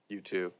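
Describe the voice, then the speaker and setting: A middle-aged voice actor, appearing as a guest, chats animatedly in a casual interview and laughs often.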